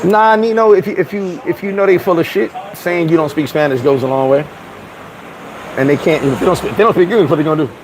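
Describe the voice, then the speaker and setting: Animated man telling a street story. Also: on the high side, quick pace. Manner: animated, swearing, acts out voices in stories. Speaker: vlogger. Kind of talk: casual storytelling to camera. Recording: street crowd noise behind.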